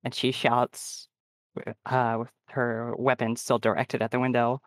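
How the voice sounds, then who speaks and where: A man's voice: medium pitch, monotone, measured pace, no room sound. A man playing his character in a tabletop role-playing game, making dry, wry asides about his rolls. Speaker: player.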